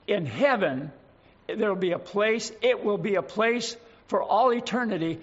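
An older man preaching a sermon, slow and emphatic, lingering on single words. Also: high voice, animated, muffled recording.

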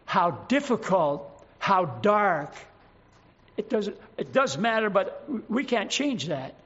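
A man preaching a sermon, earnest and emphatic, slowing down to stress scripture verses. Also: high voice, a bit bright, lo-fi sound.

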